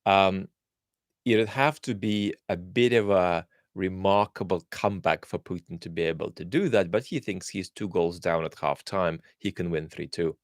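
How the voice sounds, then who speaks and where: A man's voice: low voice, steady tone, moderate pace, no echo, clean studio sound. A man born in Russia hosting a live question-and-answer chat, thinking aloud and answering viewers with frequent ums and restarts. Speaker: host.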